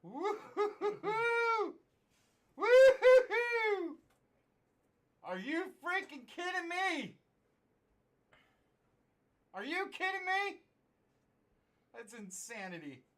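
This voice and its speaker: A man hosting a live card break stream, shouting excited hype as cards are pulled. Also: very high-pitched, takes it slowly, long pauses.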